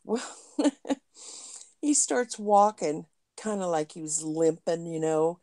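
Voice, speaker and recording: A woman's voice: lowish voice, expressive, slow, mellow. A middle-aged woman, chatting and laughing as she tells family stories. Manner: chatty storyteller, amused, laughing. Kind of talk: casual chat.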